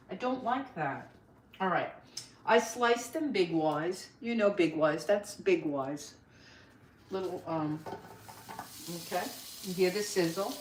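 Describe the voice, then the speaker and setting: A woman's voice: medium pitch, recorded from a distance, a little hiss or hum. A woman in her sixties, hosting a live cooking stream in her home kitchen, chatting upbeat and talking to viewers by name. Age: 60s. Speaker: host. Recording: echoey kitchen.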